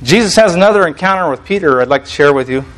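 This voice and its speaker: Male preacher, somewhat high voice; conversational sermon, reads scripture and unpacks it casually. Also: lively intonation, quick pace, fairly bright tone, low-quality recording. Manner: reads scripture aloud, frequent restarts, conversational asides. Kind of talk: sermon teaching.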